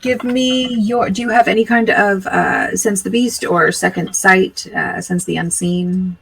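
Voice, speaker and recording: A woman running a tabletop role-playing game as game master, narrating in a relaxed way with lots of ums and uhs. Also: medium pitch, a little slow, gravelly, husky, low-quality recording. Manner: relaxed, hesitant with many fillers.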